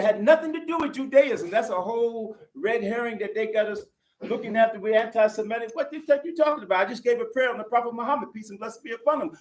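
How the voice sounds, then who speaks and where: A man's voice: very high voice, echoey room, far from the mic, rough recording. An older man giving an impassioned, fiery conference speech, calling out to the audience as sisters and brothers in a preacherly way. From United States. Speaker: conference speaker, activist.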